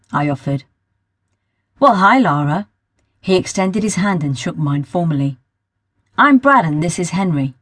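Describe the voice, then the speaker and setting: Husky-voiced woman narrating an audiobook. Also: low voice, no room sound, clean studio sound. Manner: measured storytelling, sometimes rereading a line. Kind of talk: first-person audiobook narration.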